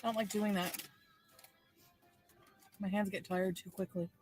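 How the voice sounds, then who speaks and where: Giggly, slow-talking woman vlogging. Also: medium pitch, steady tone, darkish tone, soft background music. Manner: giggly, chatty while eating. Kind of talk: mukbang vlog.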